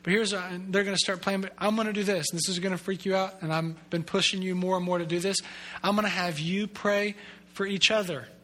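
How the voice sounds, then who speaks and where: A man giving a Sunday sermon as a pastor in a church sanctuary, his voice pitched high and ringing bright. He stays earnest and conversational, doubles back on words for emphasis, and slips in wry jokes at his own expense. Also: steady tone, brisk. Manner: earnest and conversational, with self-deprecating asides; repeats words as he builds emphasis.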